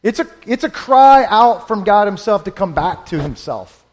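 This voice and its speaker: A middle-aged man preaching a sermon, earnest and halting, often restarting his sentences. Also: high-pitched, sing-song, darkish tone. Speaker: pastor.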